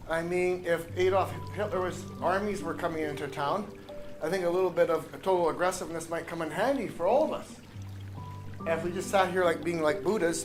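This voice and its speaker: A man, a spiritual teacher, giving a casual, rambling workshop talk to a live audience. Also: high voice. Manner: casual, rambling, with fillers and sudden shouted exercises.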